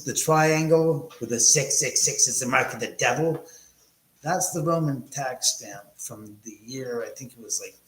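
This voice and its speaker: A man's voice: mid-range voice, slight background noise. Rambling man hosting a livestream. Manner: rambling, self-correcting storyteller. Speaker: livestream host. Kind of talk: casual livestream chat. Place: house, indoors. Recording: echoey room.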